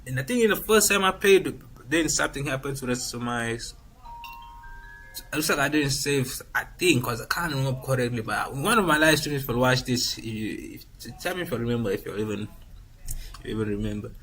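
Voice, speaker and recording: A man's voice: mid-range voice, brisk, fairly bright tone, poor audio. A man giving casual, rambling commentary while playing a football management game. He often repeats and restarts phrases as he thinks aloud.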